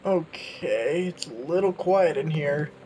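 Young dude rambling and joking thru a game, kinda high voice, light hiss behind. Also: male voice, lively intonation, slow pace, darkish tone. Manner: jokey, chatty, reads notes aloud. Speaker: gaming YouTuber. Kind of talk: let's play commentary.

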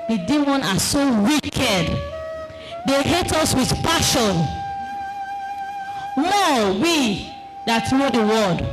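A woman's voice: high-pitched, animated, takes it slowly, long pauses, poor audio. A woman giving an emotional spoken testimony, impassioned and crying out at times. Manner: impassioned, cries out and shouts at times. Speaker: testimony speaker. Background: music.

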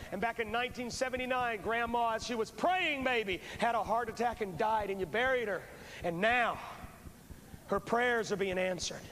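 A man's voice: sits high, fairly bright tone. A man preaching as an evangelist at a revival service, fervent and urgent, repeating his phrases as he pleads with the crowd, on a poor VHS recording from a large church. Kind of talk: revival sermon with altar call. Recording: poor VHS recording with long hall reverb and faint hiss.

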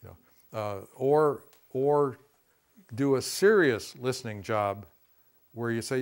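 A man's voice: medium pitch, a little slow. Guy teaching a communication class, folksy, keeps saying see and you know, acts out little quotes. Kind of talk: classroom lecture.

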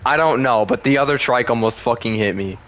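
This gaming channel host, a young man with a mid-range voice, talks a little fast through casual play-by-play. Excitable and quick to laugh, he trash-talks and curses constantly.

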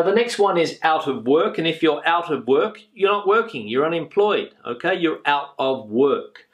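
A man's voice: fairly high pitch, a bit bright. Patient man teaching an English lesson. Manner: patient, repeats each phrase with uh fillers.

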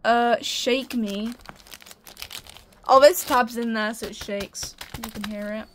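Giggly high-voiced tired young woman. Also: slow, a little hiss or hum. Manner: excitable, giggly, gushing. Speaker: art student showing a sketchbook. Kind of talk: casual sketchbook tour chat.

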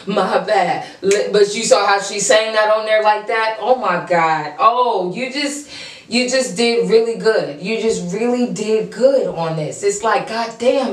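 A woman's voice: mid-range voice, recorded from a distance. Gushing woman in an echoey room. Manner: gushing, excitable, repeats herself. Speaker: host reacting to freestyles. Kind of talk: casual reaction commentary.

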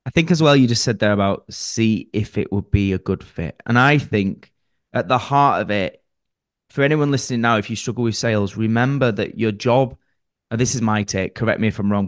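A man hosting a podcast, calmly summing up and reflecting on his guest's points. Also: fairly low pitch, a little fast. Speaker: podcast host. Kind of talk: podcast conversation.

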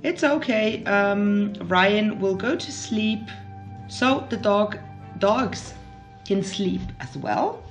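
A woman's voice: mid-range voice, lively intonation, takes it slowly. A woman from Switzerland giving casual let's play commentary, chatting to her game characters with emotional outbursts. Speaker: gaming YouTuber. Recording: faint background music.

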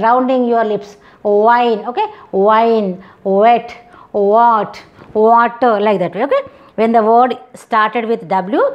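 A woman from India with an Indian English accent, teaching English phonetics and repeating each example word slowly several times. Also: a little high, dull audio. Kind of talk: phonetics lesson with slow repeated example words.

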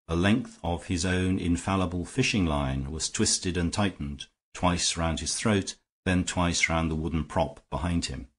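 Low, husky male narrator reading a classic mystery audiobook steadily. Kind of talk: scripted narration.

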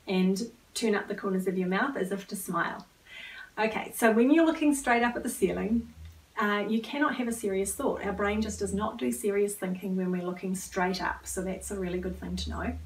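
A woman trainer calmly leading listeners through a guided movement exercise, at times dropping to a near whisper. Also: mid-range voice, recorded from a distance, rough recording. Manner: calm, coaching, drops to a near whisper at times. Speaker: wellbeing trainer.

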